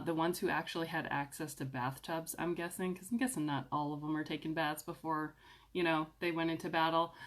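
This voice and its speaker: A woman talking casually to camera in a vlog, chatty and upbeat, with filler ums and lively swings in pitch. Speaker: essential oils vlogger.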